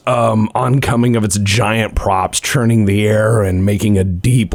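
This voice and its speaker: Low-voiced male game master. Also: a little mellow, no echo. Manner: vivid, profane descriptive narration. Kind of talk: narrating a tabletop game.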